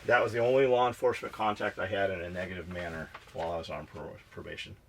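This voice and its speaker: A man's voice: deep voice, steady tone, fast talker, creaky, a little hiss or hum. A man from Southern California, a podcast co-host, telling a profane, rambling story and acting out the dialogue. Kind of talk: casual storytelling.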